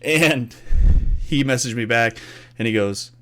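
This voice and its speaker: A man's voice: mid-range voice, unhurried. A young man hosting a casual podcast, telling gaming stories with loose swearing and acted-out quotes. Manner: animated storyteller, swears freely, acts out quotes. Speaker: podcast host. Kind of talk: casual storytelling chat.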